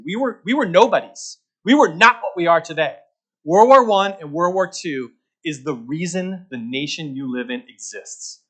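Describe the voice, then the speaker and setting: A man's voice: high voice, a bit bright. A man gives a luncheon talk as a market strategist, repeating his key points and checking in with the audience by asking "okay?". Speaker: guest speaker, market strategist.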